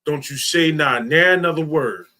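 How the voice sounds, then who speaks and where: Man, preacher, sermon, bright forceful voice, slightly high. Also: normal speed. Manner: preaching with repetition and rising emphasis. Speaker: preacher leading a class.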